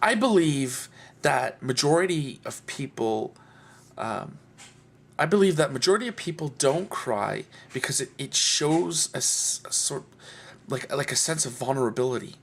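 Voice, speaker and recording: A man's voice: medium pitch, lively intonation, moderate pace, gravelly, slight background noise. A man talking earnestly and heartfelt to camera in a personal vlog. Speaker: video blogger.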